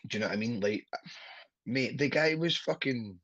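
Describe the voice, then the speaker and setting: A man's voice: medium pitch, animated, normal speed, a bit bright, husky, no echo, muffled recording. A Scottish man, a wrestler, chatting casually as a podcast guest, blunt and sweary with a laughing storyteller's manner.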